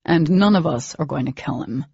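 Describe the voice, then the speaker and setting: A woman's voice: low-pitched, lively intonation, normal speed, creaky, dark tone, slightly rough, no room sound, full character voice. Woman voicing a stern young man. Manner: firm, commanding. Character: stern young man, protective older brother. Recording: dull lo-fi recording.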